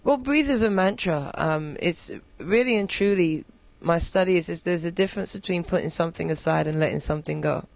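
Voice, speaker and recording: A woman from London with a British accent, a singer and poet answering interview questions in a reflective, unhurried way with many pauses and restarts. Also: on the low side, gravelly, no room sound. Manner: reflective, hesitant with fillers and restarts. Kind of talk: relaxed interview conversation.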